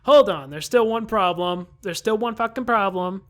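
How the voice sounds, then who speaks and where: A woman doing let's-play commentary on a visual novel, reacting loudly with profane jokes. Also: mid-range voice, moderate pace. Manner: loud, profane, joking reactions. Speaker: gamer.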